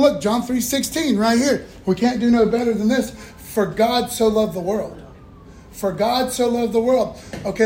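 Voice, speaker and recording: High-voiced folksy preacher in an echoey church. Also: male voice, darkish tone. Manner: preachy call-and-response, folksy asides. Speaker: pastor. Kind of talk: sermon. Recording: echoey room, faint room noise.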